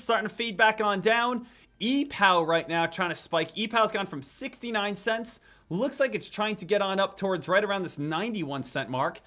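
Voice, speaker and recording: Bright-voiced man calling live trades. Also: high voice. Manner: casual, repeats ticker calls over and over. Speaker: stock trading livestream host. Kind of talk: live trading commentary.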